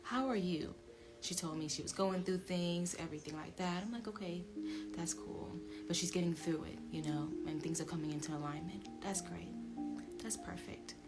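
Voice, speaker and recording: A young woman vlogging a personal story in a casual, animated and blunt way, with swearing. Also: fairly low pitch, fairly quick. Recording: music playing underneath.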